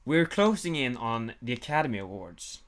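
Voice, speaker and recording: A man's voice: mid-range voice, sing-song, moderate pace. A young man hosting a casual podcast, chatting and teasing his co-host in loose banter. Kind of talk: casual chat.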